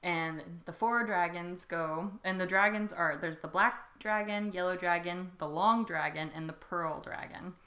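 A woman's voice: lowish voice, unhurried, hardly any pauses, sharp tone. A young woman co-hosting a podcast, retelling a story in casual, bubbly chat and slipping into playful voices. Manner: bubbly, giggly, acts out voices in her retelling. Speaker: podcast co-host. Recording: echoey room.

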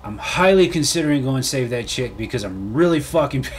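A man's voice: medium pitch, expressive, a little fast, a little hiss or hum. A man ranting and swearing through a let's play commentary. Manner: salty, swearing, ranting at the game. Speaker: gaming YouTuber.

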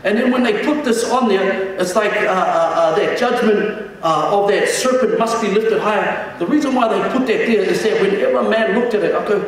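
A man's voice: high voice, normal speed, few pauses, very echoey, in a large hall, distant mic, rough recording. A man preaching a sermon as senior pastor in a church, calling the congregation to respond and often restarting his words.

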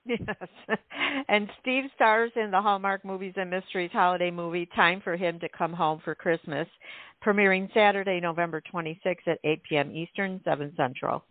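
A woman's voice: lowish voice, steady tone, moderate pace, dry recording. A playful woman from Chicago co-hosts a casual radio show, teasing her partner and laughing between lines. The sound is thin and phone-like, and dry. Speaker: radio co-host. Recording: tinny dry phone line.

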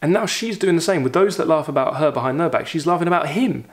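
A man reading a short story aloud as a literature teacher, lifting his voice for the characters' lines and pausing for reflective commentary. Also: a little high. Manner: expressive reading, raises voice for quoted lines, reflective asides.

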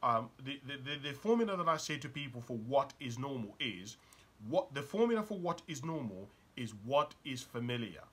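A man's voice: mid-range voice, big pitch swings, moderate pace, slightly rough. A man giving a motivational talk. He speaks urgently and keeps asking the listener probing rhetorical questions.

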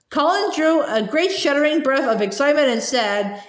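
Woman reading a book aloud, high voice, stumbles sometimes, roomy echo. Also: animated, moderate pace, few pauses. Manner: unpolished reading with slips and restarts. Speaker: reader.

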